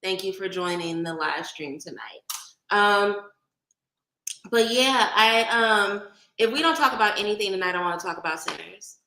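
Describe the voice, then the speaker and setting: A woman's voice: mid-range voice, moderate pace, roomy sound, slight background noise, poor audio. Chatty Oakland woman streaming live. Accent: Oakland / Bay Area. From Oakland, California. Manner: chatty and warm, greets viewers by name, laughs often. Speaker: livestream host. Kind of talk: casual livestream chat.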